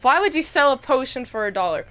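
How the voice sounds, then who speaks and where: A woman's voice: high voice, fast talker. A young woman casually recapping a TV episode and acting out the characters as she tells it. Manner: animated storytelling that acts out the characters. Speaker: reviewer.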